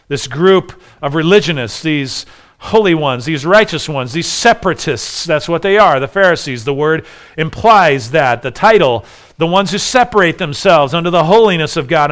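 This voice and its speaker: Man, pastor, sermon, emphatic, repeats himself, somewhat higher voice. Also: fairly bright tone. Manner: emphatic, rhetorical questions, repeats phrases.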